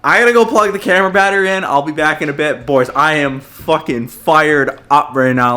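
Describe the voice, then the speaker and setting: A young man vlogging casually about his car, talking in an excited, rambling way and swearing a lot. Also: on the high side, fairly quick, hardly any pauses.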